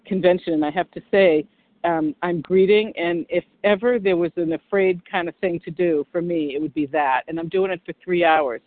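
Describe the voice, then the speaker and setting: An older woman giving an earnest, halting personal share at a recovery meeting on a phone line, often restarting her sentences. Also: low-pitched. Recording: dry tinny phone line.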